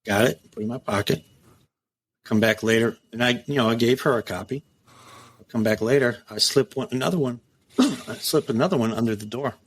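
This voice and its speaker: A middle-aged man, a former prison captain appearing as a guest, tells stories in a casual interview with an ordinary, medium-pitched voice at a fairly quick pace. He's blunt and swears freely, a lively storyteller who acts out other people's lines as he goes.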